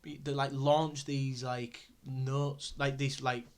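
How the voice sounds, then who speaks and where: A man's voice: medium pitch, little pitch movement, slow pace. A man co-hosting a podcast, reviewing a film in rambling casual chat full of fillers. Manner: rambling, filler-heavy, swears mildly. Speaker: podcast co-host.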